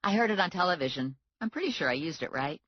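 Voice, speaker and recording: A brassy, matter-of-fact woman running a bail bonds office, voiced higher and brighter than the narration, as a woman narrator puts her on. She speaks in brisk, lively lines, in a slightly muffled audiobook recording. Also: no echo.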